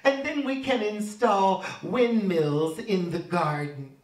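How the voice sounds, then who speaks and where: Man putting on a hushed scheming woman politician, slow, echoey distant room. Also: sits high. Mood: wheedling. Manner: whispering, wheedling. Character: scheming female vice-president, hushed.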